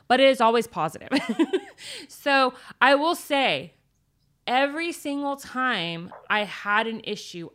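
A woman in casual podcast chat, telling a story with emphasis, some swearing and lively retold quotes. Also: mid-range voice. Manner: emphatic and profane, animated storytelling.

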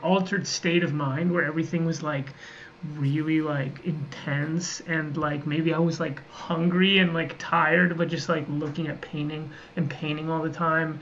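A man with a slightly high voice co-hosts a casual livestream conversation. He rambles through long stories packed with "like" and false starts. The audio is muffled and a little dull, with faint noise underneath. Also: fairly even intonation, normal speed, a bit bright. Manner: rambling, filler-heavy storytelling. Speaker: podcast co-host.

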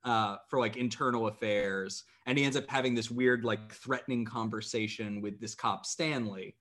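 Man, podcast co-host, casual recap, measured, thoughtful, lots of fillers. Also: fairly low pitch, fairly even intonation, a bit bright. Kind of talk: casual chat recapping a TV episode.

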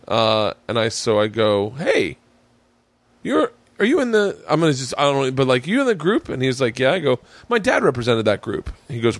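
In a dry recording, a man with a medium-pitched voice hosts a podcast and spins a lengthy yarn. He's animated and profane, performing the quoted lines as he goes in a casual storytelling style.

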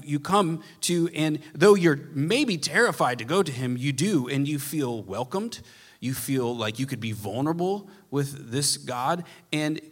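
A man preaching a sermon as a pastor, telling a story earnestly, his volume swelling and dropping. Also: mid-range voice. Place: church. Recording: echoey church hall.

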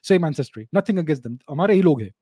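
A man's voice: a little high, expressive, very fast, warm tone, husky, no room sound, clean studio sound. A man, hosting his channel and answering viewer questions in an emphatic monologue that often repeats and restarts phrases. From India.

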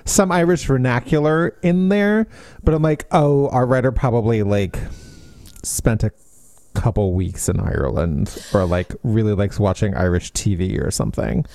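A podcast co-host on a book show chats casually and energetically in a mid-range voice at normal speed. His animated talk is full of fillers and restarts, captured in a dry recording.

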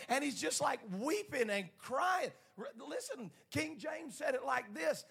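A man's voice: very high-pitched, animated, measured pace, gravelly, few pauses, fairly bright tone, husky. A man preaching a sermon who retells scripture dramatically and calls on the congregation to answer back.

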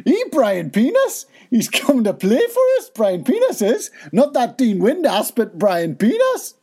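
A man putting on a Geordie accent as an excitable football fan, announcing a new signing. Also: very high voice, a little slow, voice pushed up, full character voice. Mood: excited.

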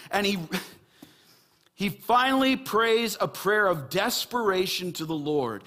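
A man delivers a sermon from the pulpit, his fairly high voice climbing when he drives a point home. Then he drops to a quieter, earnest tone for the appeal to his listeners. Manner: animated preaching, rising and dropping to quiet emphasis. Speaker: pastor.

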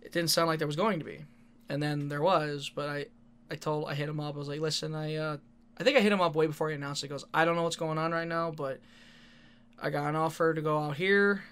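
A man's voice: a little high, fairly even intonation, fast talker, a bit bright, clean tone. A man telling rambling wrestling stories in casual talk, swearing freely and laughing often. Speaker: independent wrestler. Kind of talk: casual storytelling monologue.

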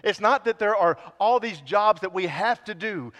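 A man's voice: high-pitched, animated, moderate pace, few pauses, fairly bright tone. A man preaching a sermon as pastor, fervent and pleading, his intensity building as he speaks. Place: church sanctuary. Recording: long hall reverb.

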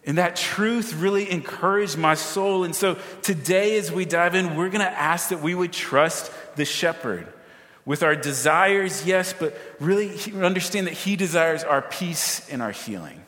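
A man delivers a sermon with energy, often turning to the congregation with quick asides and questions. His voice sits a little high for a man. The sound carries a long reverberant tail, as in a large hall. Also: a bit bright. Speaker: pastor.

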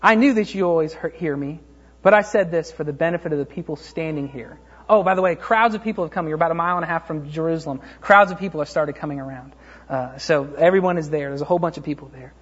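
A man preaching a sermon, retelling a Bible story in a loose, conversational way with many fillers, then rising to a fervent pitch. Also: fast talker, breathy edge, lo-fi sound. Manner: acts out quoted voices, rises to a fervent pitch when preaching. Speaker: pastor.

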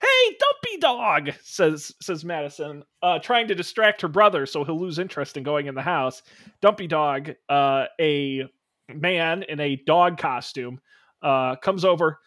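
A man's voice: a little high, a little slow, a bit bright, no echo, studio quality. A man running an improvised story game as narrator, playful and rambling. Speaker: game master.

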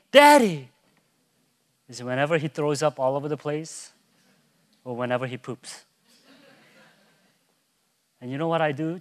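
In this sermon, the pastor goes from quiet, hushed storytelling to booming, soaring proclamation, and he imitates a child calling out in a high voice.

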